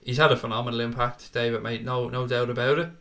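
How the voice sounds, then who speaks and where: A young man hosts a football fan stream in a bright, forceful voice. He reads viewer comments aloud in an easy, chatty way and calls everyone mate or pal. His casual, informal delivery sounds like a live stream. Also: mid-range voice, fairly even intonation, quick pace.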